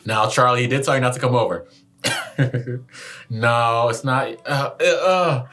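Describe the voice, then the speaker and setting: A man hosting a YouTube reaction video, animated and emotional, talking back to the screen. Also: medium pitch, unhurried, faint music behind. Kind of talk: casual reaction commentary.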